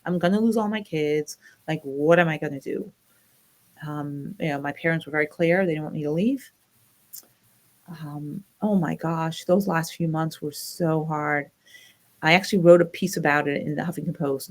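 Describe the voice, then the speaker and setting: A woman's voice: low-pitched, normal speed. A middle-aged woman from the United States, a guest telling her personal story in an interview, acting out the voices of the people she quotes. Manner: animated retelling, acts out quoted voices.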